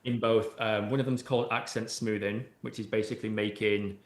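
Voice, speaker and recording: A man's voice: fairly low pitch, little pitch movement, a little fast. Chatty man in an echoey room. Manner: explains at length with frequent "you know" and "right?". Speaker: AI and automation expert, podcast guest. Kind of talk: conversational interview answers. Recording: roomy echoey room sound.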